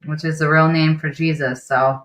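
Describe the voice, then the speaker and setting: A woman's voice: low voice, level tone, normal speed. A woman hosting a casual interview, adding brief, light interjections.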